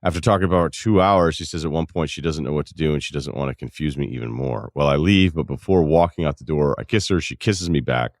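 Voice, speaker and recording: Podcast host, male, around 40s, very low voice, dry close studio sound, deadpan humor while reading listener mail. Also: quick pace, hardly any pauses, dry recording. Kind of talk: casual advice podcast talk, reading listener emails.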